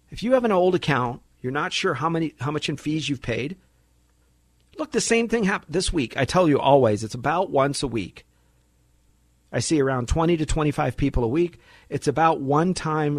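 Man, financial radio host, animated, slightly high voice, dry close sound. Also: no echo. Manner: animated, acts out client and broker dialogues. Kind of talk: radio talk show monologue.

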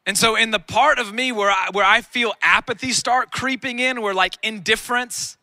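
A man in his thirties preaching a sermon on a lawn, energetic and conversational with self-deprecating humor. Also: high-pitched, moderate pace, no echo. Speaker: pastor. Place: outdoor lawn gathering.

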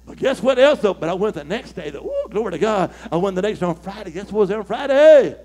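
A middle-aged male preacher telling a story in a fiery sermon, calling for shouts and whooping. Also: high-pitched, big pitch swings, fast. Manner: call-and-response, shouting, whooping.

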